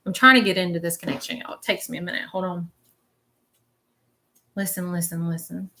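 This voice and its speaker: Woman doing a live psychic reading, lowish but bright voice, chatty, keeps asking okay?. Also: rapid-fire. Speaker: spiritual medium.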